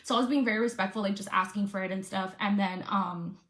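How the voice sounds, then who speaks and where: A woman's voice: mid-range voice, fairly even intonation, fast talker, a bit bright. A woman influencer telling a storytime vlog, upset and venting with some swearing. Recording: echoey room.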